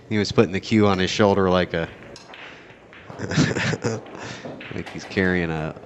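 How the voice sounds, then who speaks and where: A man commentating a pool match in a casual play-by-play style, excitable and joking, wandering into rambling asides. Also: low-pitched, takes it slowly, highs cut off, a little hiss or hum. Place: at a pool tournament venue.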